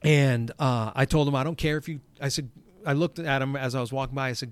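Profane, animated male storyteller. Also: mid-range voice, quick pace, smooth, dry recording. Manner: profane, animated, acts out shouted quotes. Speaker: golf course superintendent. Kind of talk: casual storytelling.

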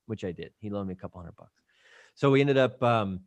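A man on a podcast as a guest, telling a lively, casual anecdote full of swearing and acted-out voices. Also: lowish voice, brisk, no echo. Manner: lively anecdote telling, acting out quoted people; frequent swearing. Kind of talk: casual storytelling.

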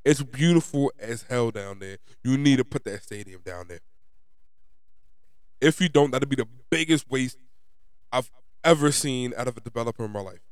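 A man's voice: medium pitch, normal speed, long pauses, clean tone, no echo, clean studio sound. Ranting young man with a New York accent. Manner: frustrated, profane, emphatic ranting. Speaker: sports fan vlogger. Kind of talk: ranting fan commentary.

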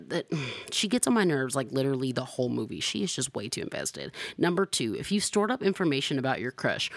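A young woman hosting a podcast in casual chat, sassy and animated, jumping to high exclamations. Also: no room sound. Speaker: podcast host.

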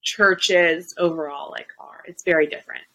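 A woman's voice: on the low side, moderate pace, sharp tone, poor audio. A young adult woman hosting a podcast, chatting casually with lots of fillers and restarts. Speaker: podcast host. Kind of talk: casual chat.

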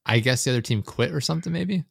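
A man's voice: mid-range voice, expressive, very fast, gravelly, breathy edge, dry recording, clean studio sound. A young man hosting a casual gaming podcast, rambling and swearing often, with frequent laughter. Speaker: podcast host.

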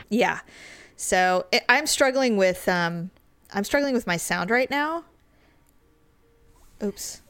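A woman's voice: mid-range voice, animated, slow, pauses often, fairly bright tone, no echo, soft background music. A woman with a stuffy nose chatting casually as a podcast co-host over a Skype call, rambling and a bit frustrated. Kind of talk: casual chat.

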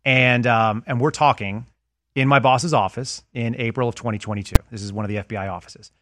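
Fast-talking man telling stories. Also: mid-range voice, steady tone, background noise. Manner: anecdotal, explains with stories and analogies. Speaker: guest, former federal agent. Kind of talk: casual interview conversation.

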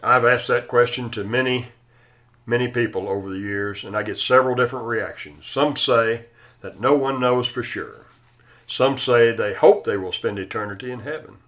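Earnest chaplain telling a sermon story. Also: male voice, medium pitch. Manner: earnest, slowing and softening on key phrases.

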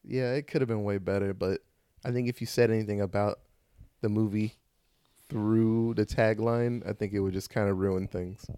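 A man hosting a casual horror-movie podcast, animated and joking. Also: lowish voice, normal speed, clean tone, no echo. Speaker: podcast host.

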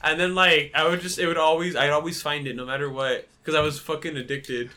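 Bright-voiced young guy rambling crudely. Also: a little high, fairly even intonation, brisk. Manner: rambling, crude storytelling with lots of fillers. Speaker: podcast co-host. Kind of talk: casual chat.

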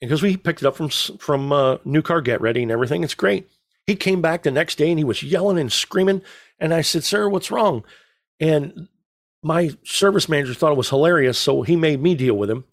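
A man's voice: a little high, fairly quick, no room sound. Rambling middle-aged man, dry close sound. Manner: rambling storyteller, joking deadpan. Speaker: podcast co-host. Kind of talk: casual chat.

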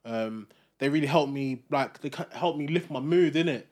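A young man, co-hosting a podcast and musing in a relaxed, rambling way. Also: on the high side, normal speed. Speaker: podcast co-host. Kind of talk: casual chat.

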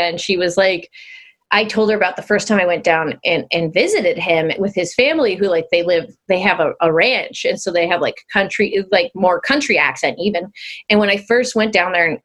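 A woman co-hosting a casual chat, telling stories in a chatty way and laughing often. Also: lowish voice. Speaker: podcast co-host.

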